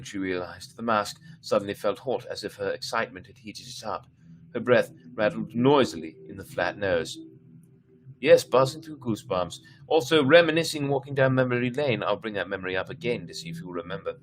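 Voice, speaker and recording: A little hiss or hum accompanies a man's fairly low, somewhat bright voice as he reads a spooky children's tale on a live stream. He trips over words, starts lines again, and occasionally stops to chat with the people listening.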